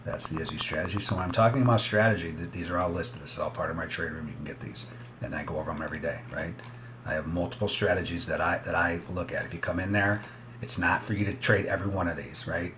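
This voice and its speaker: A man's voice: sits low, noisy background. A man giving casual, blunt commentary as he trades live and talks straight to his viewers.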